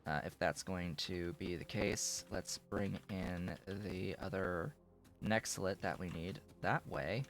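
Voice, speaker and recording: A man's voice: deep voice, slow pace, soft background music. A man streaming a factory-building game, mumbling casual commentary to himself while his voice is going. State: losing his voice.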